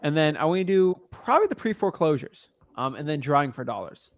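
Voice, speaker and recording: Blunt, slangy man coaching, higher voice. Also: big pitch swings, quick pace, dry recording, dull audio. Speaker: real estate wholesaling coach. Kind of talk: casual coaching call.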